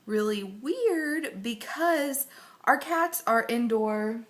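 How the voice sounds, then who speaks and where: A woman's voice: medium pitch, animated, unhurried, a bit bright. A pregnant woman giving a rambling, casual update to camera, full of fillers and close to tears at times. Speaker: vlogger.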